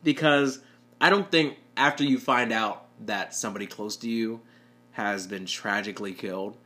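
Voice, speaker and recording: A man's voice: lowish voice, moderate pace, pushed and bright. A young man, a rideshare driver, telling a rambling, self-deprecating story with nervous laughs. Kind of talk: storytelling monologue.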